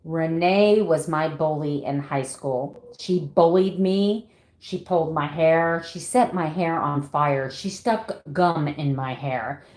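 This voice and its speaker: A woman's voice: sits low, takes it slowly, a little mellow. Chatty woman in her 50s, echoey room. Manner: chatty, laughs often, reads out viewer names. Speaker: keto vlogger. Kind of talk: casual livestream chat with viewers. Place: home room.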